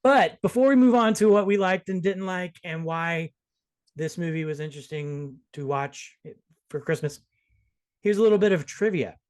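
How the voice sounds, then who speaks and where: A man's voice: high voice, clean tone. Chatty male podcast host. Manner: jokey, quick, restarts often. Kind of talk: casual movie review chat.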